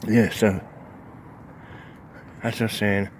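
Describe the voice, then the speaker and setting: A man's voice: fairly low pitch, level tone, takes it slowly. A man chats casually to his camera from inside a tent. He rambles and chuckles between thoughts, and faint wind and traffic noise sit behind his voice. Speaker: wild camping vlogger.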